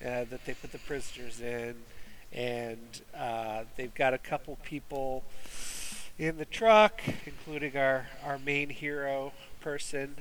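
A man's voice: medium pitch, flat delivery, measured pace, a bit bright, slight background noise, low-quality recording. A man hosting a casual movie review chat, rambling with fillers and restarts. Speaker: movie review podcast host.

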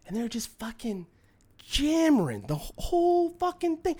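Animated profane storyteller, dry close sound. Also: mid-range voice, brisk, dry recording. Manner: profane, swings between quiet muttering and loud exasperated outbursts. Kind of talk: casual anecdote monologue.

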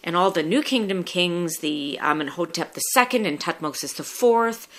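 A woman with a crisp, bright voice hosts a podcast. She asks questions and explains history with lively curiosity. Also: lowish voice, normal speed. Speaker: podcast host. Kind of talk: casual interview and explanation.

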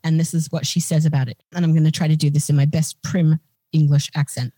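A woman's voice: deep voice, little pitch movement, quick pace, mellow, dry recording. A woman podcast co-host chatting casually and irreverently, explaining with jokes. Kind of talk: casual chat.

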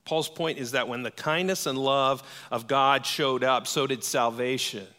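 A man preaching a sermon, telling a story with lively energy and acting out the voices in it. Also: mid-range voice, measured pace. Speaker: pastor. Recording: long hall reverb.

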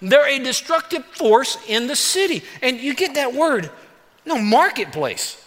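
Bright high-voiced preaching man. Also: measured pace. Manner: animated, conversational preaching with playful asides. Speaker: pastor. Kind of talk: sermon. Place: church sanctuary. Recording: church hall reverb.

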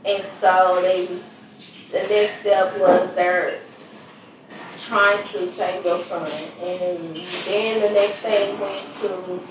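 A woman's voice: mid-range voice, noisy background. A middle-aged woman, a mother, giving earnest personal testimony in a conversational storytelling way. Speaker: mother of a murder victim. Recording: very echoey room, distant mic, faint ambience.

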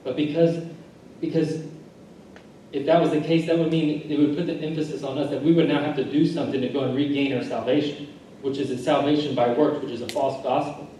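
Heard from a distance in a large, echoing church hall over faint background noise, a male pastor delivers an earnest sermon at a brisk pace. His mellow voice sits a little high and stays level in tone, and he circles back with repeated phrases and restarts to build each point.

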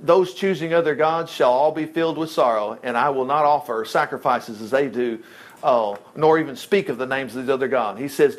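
A male pastor, preaching a sermon and retelling a Bible story in a lively, conversational way. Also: medium pitch. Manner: animated storytelling preacher, jumps between whispers and loud exclamations.

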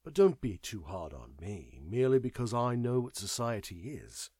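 A man voicing a detached, knowing man who speaks in a measured, wry way. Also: on the low side, big pitch swings, darkish tone, breathy edge, no room sound, studio quality. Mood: wry, weary. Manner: measured, wry, world-weary.

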